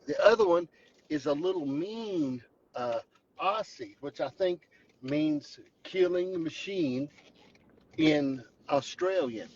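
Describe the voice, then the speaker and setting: A husky-voiced man with a Southern Appalachian accent talks into a phone from his truck. He spins a joking, mock-dramatic tale. The sound is slightly dull and lo-fi. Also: on the high side, darkish tone. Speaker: vlogger host. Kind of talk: joking storytelling vlog. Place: in a truck driving home.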